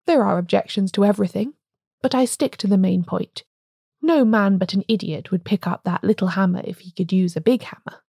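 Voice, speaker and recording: A woman's voice: medium pitch, fairly quick, gravelly, warm tone, husky, no room sound, studio quality. A woman reading aloud, voicing a blunt, peevish male doctor in a storybook. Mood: arguing. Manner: blunt, sulky.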